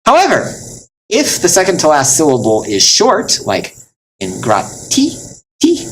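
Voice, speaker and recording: A man teaching Latin in a recorded lesson, explaining step by step with many fillers and slowing down to spell out words. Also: high-pitched, huge pitch swings, a bit bright, a little hiss or hum, rough recording.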